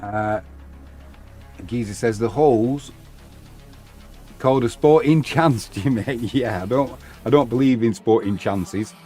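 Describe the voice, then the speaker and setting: A man's voice: medium pitch, unhurried, pauses often, dark tone. Casting: man, live football watch-along host, easygoing chat with viewers, faint music underneath. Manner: chatty, reads out viewer comments between plays.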